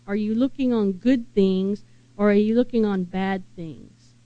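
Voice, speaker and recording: A woman preaching a sermon in an earnest, unhurried way and asking her listeners many questions. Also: mid-range voice, steady tone, no room sound, lo-fi sound.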